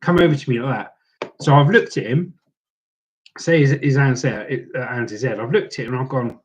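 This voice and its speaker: A middle-aged man with a British accent telling a story to the camera in a relaxed, chatty way. His voice sits at a middle pitch for a man, and he acts out what other people said with animated voices. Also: fairly quick, low-quality recording. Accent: British English.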